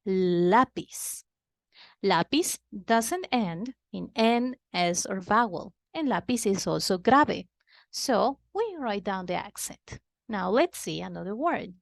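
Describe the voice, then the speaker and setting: A woman, giving a patient children's lesson and repeating words slowly and clearly. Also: medium pitch, no room sound. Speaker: teacher.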